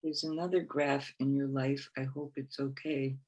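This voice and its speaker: A woman speaker giving a reflective spiritual talk, gentle and encouraging, often repeating phrases for emphasis. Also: extremely low pitch, flat delivery, moderate pace, lo-fi sound. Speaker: conference speaker.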